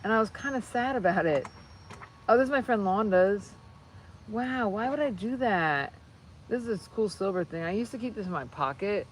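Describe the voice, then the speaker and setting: A woman hosting a casual livestream on her phone while crafting, rambling and excitable, often breaking off mid-sentence. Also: medium pitch, normal speed, a little hiss or hum, poor audio. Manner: rambling, excitable, self-interrupting. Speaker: channel host.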